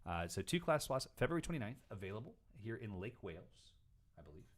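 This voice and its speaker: A man hosting a casual question-and-answer show, telling stories in an animated way and sometimes acting out other people. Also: fast talker. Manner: animated storytelling, mimics people in high voice. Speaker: host answering viewer questions. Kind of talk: casual chat.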